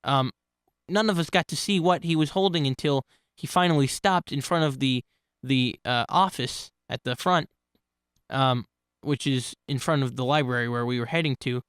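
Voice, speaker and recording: Speaking at a moderate pace, a man who hosts a channel rambles through personal anecdotes, frequently starting over and fixing what he said. His medium-pitched voice is fairly bright and clean, and the studio recording is dry and clean.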